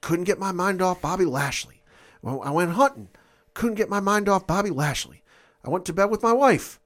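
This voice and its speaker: A man putting on a gruff, boastful male pro wrestler in a mocking, repetitive bragging voice, pitched well above his own. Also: expressive, moderate pace.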